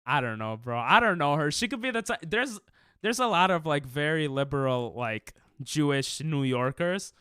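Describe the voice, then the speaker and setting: A man's voice: on the high side, animated, normal speed, a bit bright, clean tone, dry recording, studio quality. A male streamer in casual chat with his viewers, defensive and laughing, rambling with restarts.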